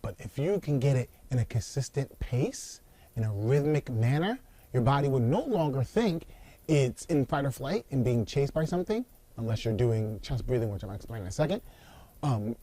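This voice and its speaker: Middle-aged guy coaching breathing from the floor, regular pitch, dry close sound. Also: a little mellow, dry recording. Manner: coaching, demonstrates breathing and acts out worried clients. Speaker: anxiety and body coach. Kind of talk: instructional video talk. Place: seated on a floor indoors.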